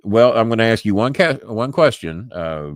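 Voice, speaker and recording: An older man with a Southern accent hosts a live podcast, his voice sitting very low. He rambles, restarts words and chuckles often. The sound is dry, with no room echo. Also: expressive, moderate pace. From Louisville, Kentucky. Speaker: podcast host. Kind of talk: casual live-stream chat.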